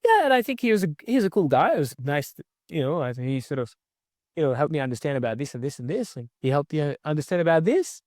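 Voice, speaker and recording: A woman's voice: low-pitched, sing-song, fast talker, darkish tone, no echo, studio quality. A man voicing a chatty young daughter who rambles eagerly to her father about a guy she met.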